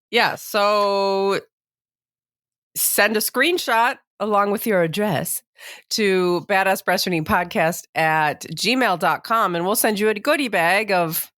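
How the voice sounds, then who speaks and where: A woman's voice: mid-range voice, a bit bright, dry recording, clean studio sound. A woman co-hosting a podcast in casual chat, chatty and self-deprecating, often laughing. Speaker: podcast co-host.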